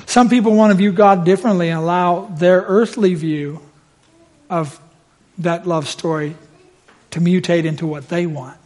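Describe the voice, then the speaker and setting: A middle-aged man preaching a sermon in a church, telling a family story and swelling loud at the climaxes. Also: high voice, fairly even intonation, moderate pace. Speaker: pastor.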